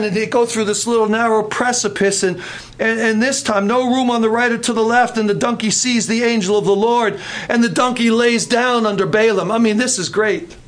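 An older man preaching a sermon in an animated, dramatic way, swinging between loud outbursts and hushed passages. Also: very high voice.

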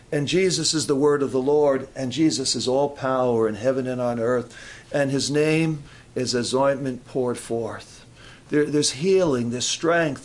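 A man preaching a sermon at a church service, repeating phrases and asking the congregation questions. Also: fairly high pitch. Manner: repetitive, call-and-response preaching with audience questions.

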